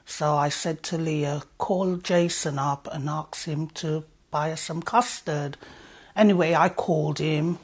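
A middle-aged woman tells her story slowly and softly, in a low, husky voice. She recounts events one small step at a time, as plain personal testimony. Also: steady tone. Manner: slow, soft-spoken storytelling. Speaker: family member giving testimony.

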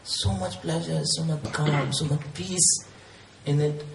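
A man's voice: fairly high pitch, fairly even intonation, unhurried, gravelly. A man whose first language is Urdu gives a sermon in English. He talks earnestly, repeats himself and pushes his questions up for emphasis. He sounds far from the mic in a roomy, echoing space with a faint hum of ambience. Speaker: Islamic preacher.

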